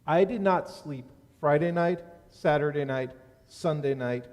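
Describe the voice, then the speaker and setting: A man giving a sermon as a rabbi, telling a personal story in an animated way that rises loud at key moments. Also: fairly high pitch, measured pace. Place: synagogue sanctuary. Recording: long reverb of a large hall.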